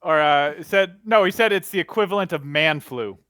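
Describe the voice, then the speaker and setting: A man with a fairly high voice giving blunt opinions in a relaxed fan chat. He is recorded dry and close, with no room sound around him. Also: moderate pace, dry recording. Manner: opinionated, blunt, laughs at his own stories. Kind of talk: casual fan discussion.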